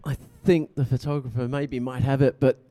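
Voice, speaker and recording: A man giving a photography judge's critique in a measured, hesitant way, with frequent pauses. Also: mid-range voice, level tone, dark tone. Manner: measured and hesitant, with many ums. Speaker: competition judge. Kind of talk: spoken critique.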